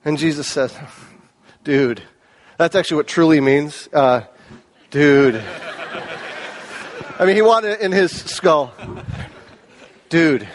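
A man preaching a sermon with a high-pitched voice. He sounds animated, dropping to hushed lows and climbing to raised, emphatic peaks. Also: brisk, few pauses. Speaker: pastor.

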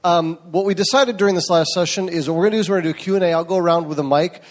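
A man making relaxed announcements to a crowd as an event organizer. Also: high-pitched, very fast.

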